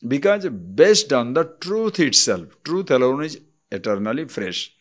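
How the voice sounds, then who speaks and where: Slow, deliberate Indian swami. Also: male voice, mid-range voice, big pitch swings. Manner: deliberate, explanatory, asks the listeners rhetorical questions. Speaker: swami, spiritual teacher. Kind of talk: spiritual discourse on scripture.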